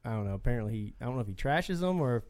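A man's voice: medium pitch, expressive, racing, a little mellow. A man in casual football talk, easygoing and hedging his opinions. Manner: easygoing, hedging, many "I don't know"s. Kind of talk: casual sports chat.

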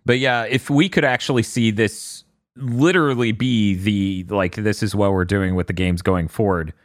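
A man chatting about video games on a podcast, excitable and quick to launch into a rant. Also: lowish voice, dry recording, studio quality. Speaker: podcast co-host. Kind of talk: casual gaming podcast chat.

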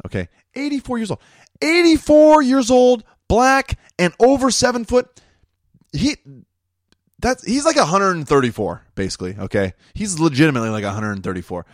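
A man's voice: creaky, dry recording. Rambling, crude-joking man with a dry sound. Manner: rambling, crude, jokey, laughs at own jokes; swings up in pitch when worked up. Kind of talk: casual monologue.

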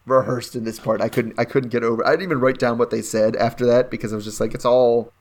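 A woman's voice: very deep voice, steady tone, fast, darkish tone. A woman co-hosting a podcast, giving wry, sarcastic casual commentary on a reality show. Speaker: podcast co-host.

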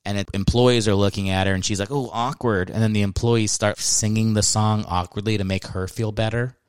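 A man's voice: on the low side, steady tone, a little fast, clear, resonant tone, dry recording. A man hosting a comedy podcast, rambling through a ranting monologue with bursts of mock outrage. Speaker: podcast host.

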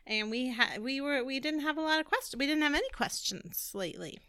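An American woman co-hosting a podcast in casual chat, playful and quick to joke. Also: high voice, animated, pushed and bright, dry recording, studio quality. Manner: playful, joking, giggly. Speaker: podcast co-host.

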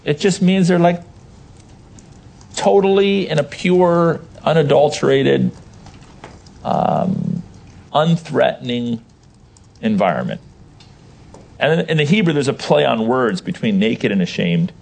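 A man's voice: medium pitch, unhurried, gravelly, long pauses. A man teaching a Bible class, explaining verses with emphasis and putting questions to his listeners. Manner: animated, emphatic, asks the audience questions.

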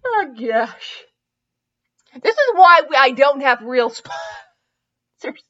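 A woman's voice: sits high, big pitch swings, very slow, fairly bright tone, muffled recording. A woman podcast host reading fan fiction aloud for comedy, breaking off into giggles and self-mocking asides.

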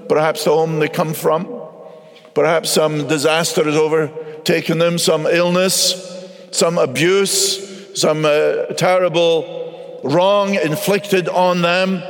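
A man's voice: a little high, little pitch movement, slow pace, in a large hall. A man preaching a sermon as pastor, earnest and emphatic, repeating phrases for weight. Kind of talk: radio sermon.

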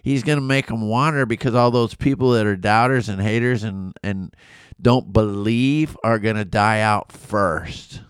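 A man, a pastor, retelling a Bible story in a casual, animated way and asking his listeners questions. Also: on the low side, measured pace, smooth, no room sound, clean studio sound. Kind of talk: casual Bible study talk.

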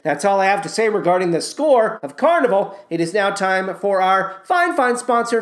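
A woman hosting a podcast in a wry, irreverent tone, tossing in casual swearing. Her pitch is lively and animated, and her voice rings in a noticeably echoey room. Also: normal speed, few pauses. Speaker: podcast host. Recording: roomy echo.

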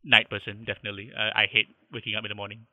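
Malaysian-accented podcast guest, hesitant storyteller, dry slightly muffled line. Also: male voice, on the low side, little pitch movement, very fast, no echo. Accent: Malaysian English. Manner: rambling, hesitant with many restarts. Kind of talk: casual interview chat.

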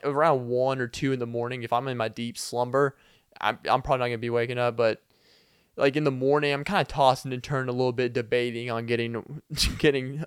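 A man's voice: mid-range voice, smooth, no echo, clean studio sound. A young man hosting a podcast, telling a rambling comedic story full of fillers and little laughs. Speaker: podcast host.

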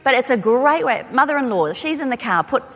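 Australian woman, forties, lively chatty stage talk, long hall reverb. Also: high voice, fast talker, noisy background. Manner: chatty, animated, laughing asides. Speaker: speaker. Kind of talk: talk to a live audience.

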